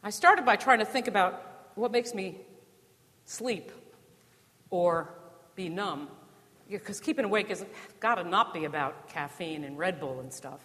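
A woman's voice: on the low side, expressive, a little slow, long pauses, a bit bright. Woman preaching in a reverberant church. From New Jersey. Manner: conversational, rhetorical questions, dry humor. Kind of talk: sermon.

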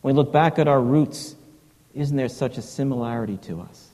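A man preaching a sermon, slow and reflective, sometimes dropping to a hushed, breathy tone. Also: medium pitch, big-room sound.

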